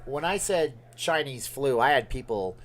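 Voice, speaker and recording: A man's voice: medium pitch, expressive, moderate pace. A man hosting a casual livestream, rambling and joking as he reads out viewer comments. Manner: rambling, jokey, responds to chat. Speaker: livestream host. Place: Las Vegas.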